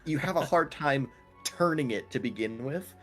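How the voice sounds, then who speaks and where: A man's voice: medium pitch, expressive, normal speed, fairly bright tone. Young male game master, casual narration with fillers and laughs, faint background music.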